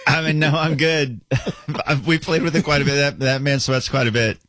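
A young adult man co-hosting a casual sports podcast, easygoing and teasing, quick to laugh. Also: on the high side, steady tone, fairly bright tone, no echo. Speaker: podcast co-host.

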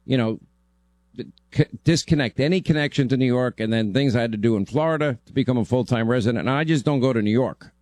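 A man's voice: mid-range voice, fast, a little mellow, dry recording. Brash man hosting talk radio. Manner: brash, blunt, joking. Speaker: radio talk show host. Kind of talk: talk radio chat with a guest.

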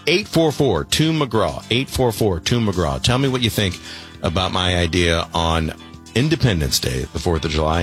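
A man's voice: deep voice, sing-song, normal speed, faint music behind. A man hosting a late-night talk radio show, taking calls in an easygoing, conversational way.

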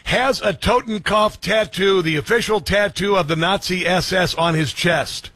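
Husky-voiced man hosting a talk show. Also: high voice, a bit bright, dry recording. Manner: scoffing, quick, many fillers. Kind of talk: opinionated commentary.

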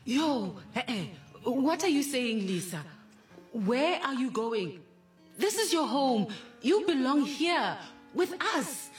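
A woman's voice: high voice, sing-song, slow pace, full character voice. A woman playing a worried, soothing mother with a South African accent, pleading and consoling. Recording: distant mic, faint music.

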